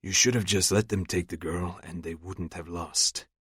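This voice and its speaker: An older crime boss with a thick Brazilian accent, as a male narrator puts him on. His voice sits low and controlled, with cold menace under every word. The read is dry and close, with no room around it. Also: fairly even intonation, normal speed, a bit bright, husky, no room sound. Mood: calm. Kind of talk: audiobook narration.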